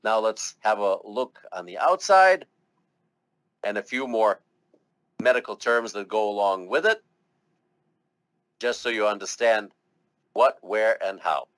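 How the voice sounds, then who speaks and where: A man's voice: lowish voice, expressive, unhurried, long pauses, a bit bright, no echo. A man teaching medical terminology to a class, chatty and encouraging, coaxing students to try the words aloud. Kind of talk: classroom lecture.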